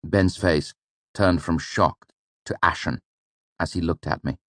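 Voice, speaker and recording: A man reading first-person narration for an audiobook in a measured, steady storytelling manner. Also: sits low, dry recording.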